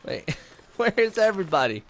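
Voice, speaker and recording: A man's voice: high-pitched, sing-song, unhurried, no echo. Chatty man streaming a game. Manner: chatty, rambling, exclamatory. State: has the hiccups. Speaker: gaming streamer. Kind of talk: casual gameplay commentary.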